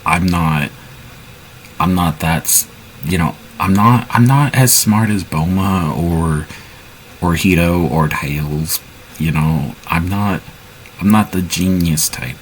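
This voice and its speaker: A man's voice: low voice, takes it slowly, slight background noise, low-quality recording. A man improvising his part in a casual role-play, hesitant and full of restarts. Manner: hesitant, many restarts and fillers.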